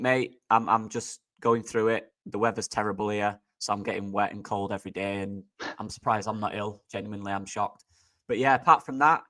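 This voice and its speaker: A man with a lowish voice talks football as a podcast co-host. He sounds upbeat and chatty and keeps calling his friend mate. He is relaxed and easygoing. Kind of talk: casual football podcast chat.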